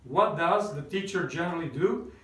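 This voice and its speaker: A man teaching English, repeating each question twice in a slow, clear drill. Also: on the high side, expressive, a bit bright, far from the mic. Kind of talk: drilled question-and-answer language lesson. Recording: roomy classroom sound from away from the mic.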